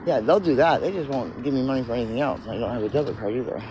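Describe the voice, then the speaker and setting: A man's voice: mid-range voice, rapid-fire, background noise. A man ranting and answering viewer comments on a casual livestream, profane and agitated, in tooth pain.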